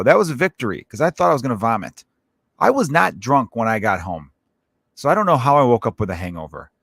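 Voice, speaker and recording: A man's voice: medium pitch, no echo. Guy ranting on his comedy podcast, swears a lot, rambles, dry mic. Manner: swearing, rambling, animated asides. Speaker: podcast host. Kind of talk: casual comedic rant.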